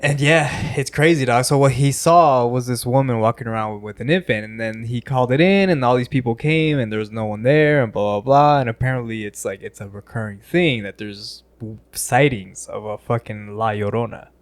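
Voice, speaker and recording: A man's voice: medium pitch, fairly quick, hardly any pauses, no echo. A man with a West Texas accent hosting a podcast, chatting loosely, swearing, and filling in background for viewers. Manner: loose and profane, explains things for viewers. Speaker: podcast host. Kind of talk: casual podcast chat.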